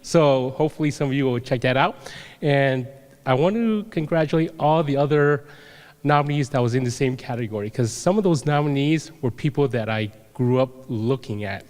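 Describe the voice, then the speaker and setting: A man giving a humble, halting acceptance speech on a convention stage, earnestly thanking voters and fellow nominees. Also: medium pitch, a little mellow. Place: large convention hall stage. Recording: long hall reverb.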